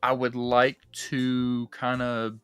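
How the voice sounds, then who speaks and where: A young man hosting a casual movie-discussion livestream, talking in an animated, rambling way with plenty of swearing and fillers. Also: mid-range voice, slow pace, smooth, dry recording, faint music behind. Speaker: livestream host.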